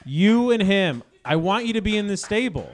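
High smooth-voiced guy hosting a comedy show, teasing, swears a lot. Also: sing-song, moderate pace. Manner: joking, profane, teasing. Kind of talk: casual banter and stage introductions.

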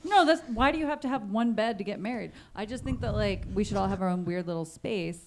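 A woman chatting earnestly in a quick, stumbling way, tripping over her words. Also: medium pitch, lively intonation. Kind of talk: casual chat.

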